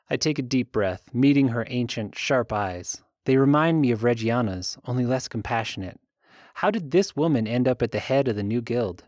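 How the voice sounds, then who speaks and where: A man narrating a fantasy audiobook in the first person, in a steady, even storytelling manner. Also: mid-range voice, normal speed, no room sound, dull audio.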